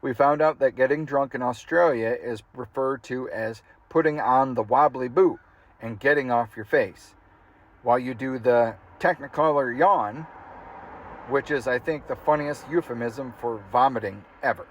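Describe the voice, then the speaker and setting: A man reading a funny memoir aloud, his voice sitting at an ordinary middle pitch. He keeps the delivery loose and conversational, as if chatting while he reads. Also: moderate pace, no room sound. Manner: casual, amused reading that breaks into laughter. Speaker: audiobook reader.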